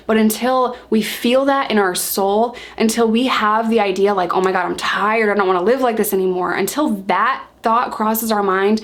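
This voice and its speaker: Kobieta opowiadająca żywo własną historię. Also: female voice, mid-range voice. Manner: animated, acts out her own past lines. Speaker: vlogger telling her own story. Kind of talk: casual storytelling to camera.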